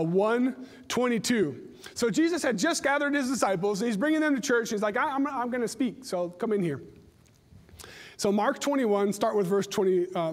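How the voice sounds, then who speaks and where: A middle-aged man delivers a conversational sermon in a church sanctuary, spinning stories chattily and frequently restarting his words. His voice sits high with a darkish tone, and the recording carries the long reverb of a church hall.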